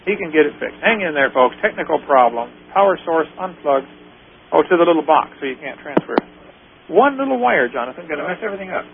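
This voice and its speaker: A man hosts a call-in radio show, fairly high-pitched for a man and joking his way through anecdotes. The sound is thin and phone-like, with a faint hiss underneath. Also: sing-song, fast, gravelly. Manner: jokey, tells anecdotes with put-on quoted voices.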